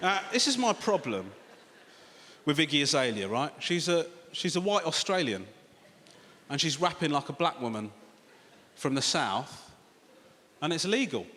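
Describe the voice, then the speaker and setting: A man with an English accent doing a stand-up comedy set on a large theatre stage, animated and swearing, with mocking asides to the crowd. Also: on the high side, measured pace, long pauses. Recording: roomy live theatre recording with loud crowd noise.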